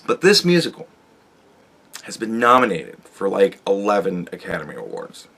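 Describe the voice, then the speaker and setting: A man hosting a podcast, talking casually in a rambling, profane monologue that jumps between loud outbursts and low mutters. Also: big pitch swings, normal speed, creaky, slightly rough. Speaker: podcast host.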